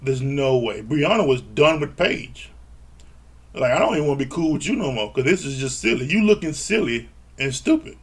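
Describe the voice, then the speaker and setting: Exasperated man ranting with a gravelly voice. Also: on the high side, animated, a little fast. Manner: blunt, exasperated, swears often. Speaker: reality TV reviewer. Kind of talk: casual ranting recap.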